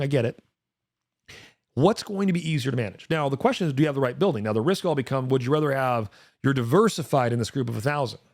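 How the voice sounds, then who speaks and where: Male host, 40s, rapid and emphatic, mid-pitched, dry close sound. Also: dry recording. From rural United States. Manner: fast, emphatic, addresses co-host directly. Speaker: podcast host. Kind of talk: casual investing talk.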